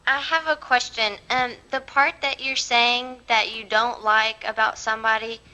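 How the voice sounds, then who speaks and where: Bright, high-pitched hesitant female student. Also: fairly even intonation, low-quality recording. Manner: hesitant, halting restarts. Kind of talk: asking a question in class.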